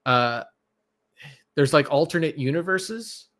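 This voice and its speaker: A man co-hosting a podcast, talking casually about movies in a halting, rambling way with many restarts. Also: fairly high pitch, lively intonation, a bit bright. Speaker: podcast co-host.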